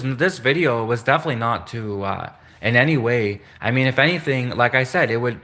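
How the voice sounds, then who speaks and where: A man's voice: mid-range voice, bright, forceful tone. A man hosting a solo livestream, talking in a rambling way, restarting and repeating himself and chuckling at his own slips. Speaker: livestream host.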